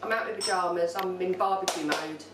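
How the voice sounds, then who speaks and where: A woman's voice: on the low side, brisk. A woman teasing and chatting casually with her family. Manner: teasing, laughing. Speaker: family member. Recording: distant, echoey, noisy.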